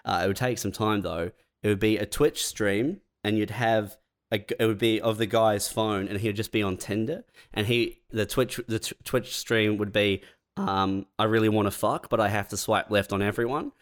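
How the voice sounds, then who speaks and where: A young man in casual chat, laying out comedy ideas and laughing along. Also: moderate pace. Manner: pitches comedy bits, laughs often.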